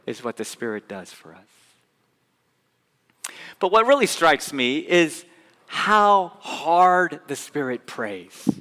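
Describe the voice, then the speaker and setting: A man preaching a sermon as pastor, swinging from loud emphatic bursts to soft hushed passages. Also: a little high, very animated, slow, long pauses, in a large hall. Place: church sanctuary.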